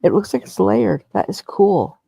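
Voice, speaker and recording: A man's voice: high-pitched, expressive, normal speed, vocal fry, mellow, husky, no room sound. A man co-hosting a casual chat, talking in a chatty way with fillers. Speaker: livestream co-host.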